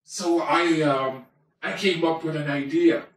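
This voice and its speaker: A man's voice: on the high side, steady tone, a little slow, natural voice. Toy wolf, male, played by a man: slightly raised voice, rambling self-mocking storyteller, homemade comic monologue, echoey distant sound. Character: chatty male toy wolf telling his life. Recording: very echoey room, voice far from mic.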